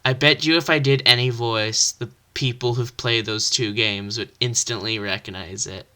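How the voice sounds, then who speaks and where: A young woman hosting a podcast, reading her old childhood story aloud in a mostly flat, monotone way. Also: rumbling low, normal speed.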